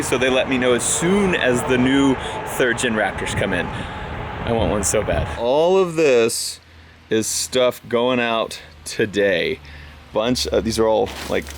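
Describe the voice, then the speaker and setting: A man vlogging in a casual, joking and self-mocking way while working on his trucks outdoors. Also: fairly low pitch. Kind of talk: casual vlog talk. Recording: outdoor camera audio with noise.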